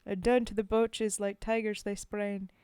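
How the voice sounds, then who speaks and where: A woman reading a war poem aloud in a put-on Scottish accent, loud and dramatic. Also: mid-range voice, level tone, measured pace, clean tone, dry recording, natural voice. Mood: rousing. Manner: loud, rolling, dramatic recitation.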